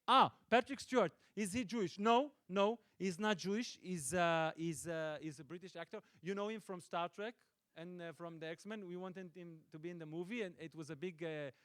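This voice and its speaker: A middle-aged Israeli man, a native Hebrew speaker and film director, answering audience questions with playful, deadpan jokes and frequent restarts. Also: high-pitched, normal speed, hardly any pauses, clean tone, no echo. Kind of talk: joking audience Q&A. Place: stage at a film festival event.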